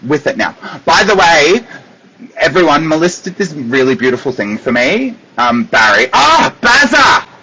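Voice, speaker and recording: An Australian man, a psychic medium, chatting casually with viewers on a livestream from his desk, animated and laughing often. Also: fairly high pitch, normal speed, husky. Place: at a desk at home. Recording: dull lo-fi livestream audio.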